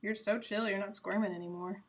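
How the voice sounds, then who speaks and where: A woman at an everyday middle pitch chats loosely with her live audience. She rambles from one thought to the next and answers viewers by name, now and then cooing softly to her cat. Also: fairly even intonation, brisk, slightly rough. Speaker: live streamer. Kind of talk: casual chat with a live audience.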